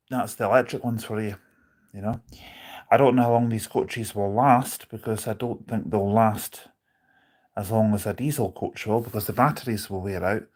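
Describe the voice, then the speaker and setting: A man's voice: on the low side, a little mellow. A man live streaming from on board a bus, chatting casually, rambling with his opinions and reading out viewer comments.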